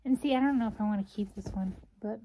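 A woman's voice: mid-range voice, quick pace, dark tone, a little hiss or hum. A young woman vlogging casually, rambling and thinking aloud with lots of "like"s as she plans an outfit. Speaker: fashion vlogger. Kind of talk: casual vlog chat.

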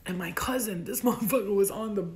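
A young American woman telling a personal story in casual chat, animated and profane, acting out what people said in a raised voice. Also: medium pitch, quick pace. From United States.

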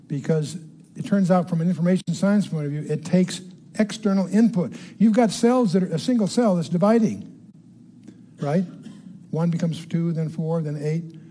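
An older man leads a Bible teaching in front of a live audience. His voice sits a little high but has a mellow, relaxed tone. He stresses words by repeating them and keeps checking in with questions to the room. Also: unhurried, long pauses, a little hiss or hum.

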